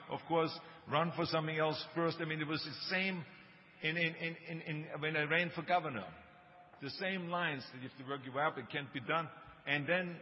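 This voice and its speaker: A man in his sixties with a German accent, giving a motivational speech with emphatic storytelling and joking asides. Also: fairly high pitch. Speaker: speaker. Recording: dull, reverberant hall recording with faint noise.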